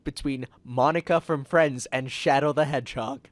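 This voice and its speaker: Deadpan man reading fan fiction aloud. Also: mid-range voice, normal speed, no room sound. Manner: deadpan, with wry asides. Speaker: host and reader. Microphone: headset for a video call.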